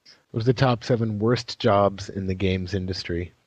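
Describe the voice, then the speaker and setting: A man chatting on a podcast panel, relaxed and hesitant with many fillers. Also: fairly low pitch, moderate pace, highs cut off. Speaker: features and community editor, panelist. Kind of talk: casual podcast chat.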